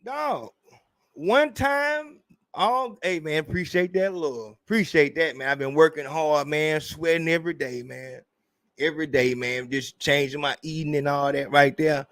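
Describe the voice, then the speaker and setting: A man hosting a podcast, ranting casually in a profane, animated way and mimicking people in mocking voices. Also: on the high side, measured pace, no echo, clean studio sound. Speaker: podcast host. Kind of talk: casual rant.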